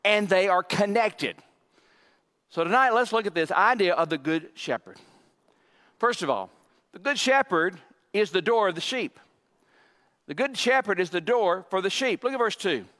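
A man preaching a sermon as pastor, emphatic, with dramatic pauses and dry joking asides. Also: sits high, animated, fairly bright tone. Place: church sanctuary. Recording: long reverb of a large hall.

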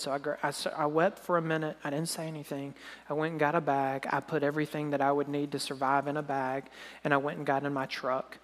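Fast and flat in delivery, a preacher retells a dramatic story sermon-style, though he drops to a soft, low voice for the emotional parts. The hall gives a long reverb.

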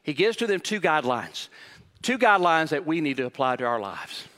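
A male pastor preaches emphatically, repeating key lines and asking rhetorical questions. His voice sits high and bright. It is caught with the long reverb of a large church hall. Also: big pitch swings, fairly quick. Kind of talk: sermon.

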